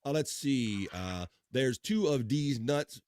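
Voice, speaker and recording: Male stream host, casual and profane, mid-pitched, dry room sound. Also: lively intonation, slow pace, darkish tone, no echo. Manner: rambling, profane, joking asides. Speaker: livestream host. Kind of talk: casual chat reading live chat.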